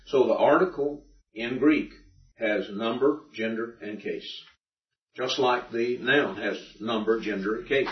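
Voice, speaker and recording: A man's voice: mid-range voice, far from the mic. A man teaching a Greek grammar class, patiently explaining and checking that his students follow. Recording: dull roomy recording from afar.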